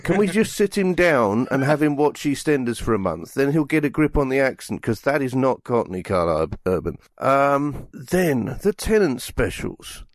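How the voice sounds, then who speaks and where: Man in his fifties, mid-pitched voice, rambling casual chat, acts out quotes, dry close sound. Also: normal speed, hardly any pauses, no room sound. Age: 50s. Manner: rambling, animated storytelling with acted-out quotes. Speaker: podcast co-host.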